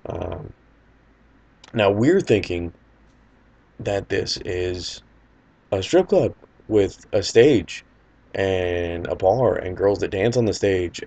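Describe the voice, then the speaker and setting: A man's voice: sits low, warm tone, highs cut off. A man casually telling a personal anecdote in a loose, rambling, wry way. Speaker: storyteller.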